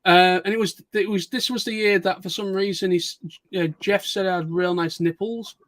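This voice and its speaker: A man's voice: sits high, steady tone, moderate pace, fairly bright tone, no room sound, clean studio sound. A man streaming casual chat, telling rambling stories with restarts and laughter.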